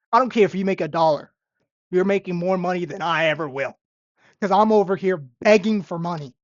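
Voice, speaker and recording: A young woman working as a restaurant busser delivers a ranting vlog monologue full of sarcastic exasperation and repeated phrases. Her voice is medium-pitched, recorded in a dull, lo-fi and dry way.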